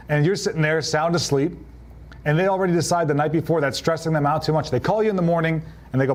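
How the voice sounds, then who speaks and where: Male business coach, live session, fairly high voice, punchy, plays out client dialogue. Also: fast talker. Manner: punchy, acts out quoted clients in changed voices. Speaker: real estate coach. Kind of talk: live motivational business talk.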